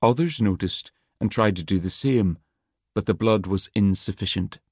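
A man narrating an audiobook in a measured, dramatic storytelling manner. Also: fairly low pitch, a little mellow, slightly rough, no room sound, studio quality. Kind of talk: scripted narration.

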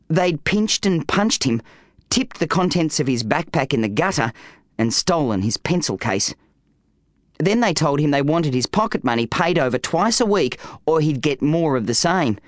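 A man reading a children's story aloud as an audiobook narrator, with an expressive, animated delivery. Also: medium pitch, dry recording, clean studio sound.

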